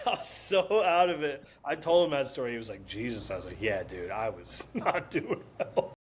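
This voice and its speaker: A man on a podcast as a comedian guest, telling animated stories with swearing and lots of laughter. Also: medium pitch, moderate pace, a little hiss or hum. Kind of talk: casual podcast chat.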